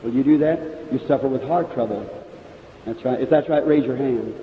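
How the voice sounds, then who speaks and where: A man's voice: mid-range voice, a little fast. A man preaching at a faith healing service, calling out people in the audience one by one, in an old hall recording. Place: large hall. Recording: old echoey hall recording, phone-like sound.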